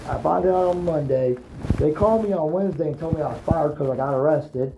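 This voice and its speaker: A man's voice: on the high side, creaky. A man telling a rambling personal story, swearing often and stopping to restart his sentences. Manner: profane, halting, full of fillers and restarts. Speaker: storyteller recounting his own ordeal. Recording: dull lo-fi recording with faint hiss.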